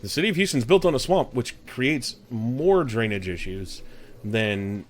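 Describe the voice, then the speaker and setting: A man with a Texan accent hosts a live stream over background music, his mid-range voice expressive and a little slow. He rambles and jokes with viewers, addressing people in chat by name.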